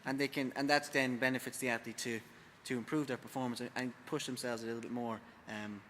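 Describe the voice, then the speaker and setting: An Irish man with a bright, forceful voice co-hosts a casual podcast, speaking in loose, halting sentences full of fillers. His voice carries a long reverb. Faint background noise sits behind him. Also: medium pitch, steady tone. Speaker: gym coach and podcast co-host.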